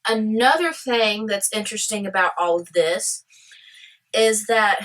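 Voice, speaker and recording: A woman's voice: medium pitch, measured pace, a bit bright, slight background noise, low-quality recording. A woman vlogging casually about history, chatty and rambling with eager side tangents.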